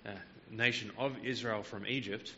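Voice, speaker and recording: A man's voice: fairly low pitch, steady tone, normal speed, pushed and bright, in a large hall, dull audio, a little hiss or hum. A man preaching a Bible teaching sermon, explaining verses patiently with frequent hesitant fillers.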